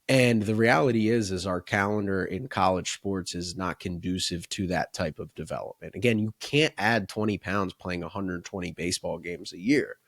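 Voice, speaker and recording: A man's voice: deep voice, normal speed, creaky, hardly any pauses, no room sound, studio quality. A man who coaches baseball, co-hosting a casual podcast and talking in long run-on thoughts that he often caps with "right?" and "like".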